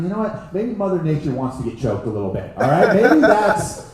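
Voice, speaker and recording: A man performing a live stand-up set in a small venue, delivering boastful deadpan bits and checking in with "all right?". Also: a little high, fast talker, heavy reverb, crowd noise, poor audio. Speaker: stand-up comedian. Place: small comedy show venue.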